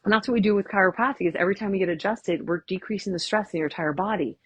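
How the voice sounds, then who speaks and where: A woman chiropractor, giving a lively, chatty workshop talk and often asking "right?". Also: medium pitch, rapid-fire, breathy edge. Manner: chatty, tags lines with "right?", acts out quotes. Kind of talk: casual, enthusiastic presentation.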